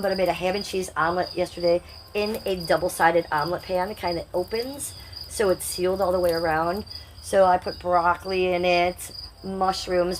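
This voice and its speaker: A woman's voice: on the low side, slight background noise, low-quality recording. A woman hosting a casual livestream, rambling and confiding as she talks straight to her viewers. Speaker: livestream host.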